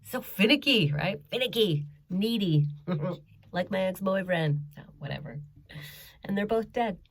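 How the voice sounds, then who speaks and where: A woman's voice: mid-range voice, animated, a little slow, background noise. A woman doing a stand-up comedy set from her bedroom at home, chatty and self-mocking, with frequent ums and laughs. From Canada.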